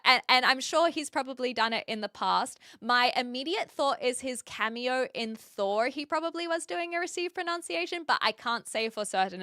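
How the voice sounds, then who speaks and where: Woman streamer, casual chat, earnest with many restarts, bright and slightly high voice, dry close mic. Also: clean tone, no echo. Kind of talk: casual chat reading viewer comments.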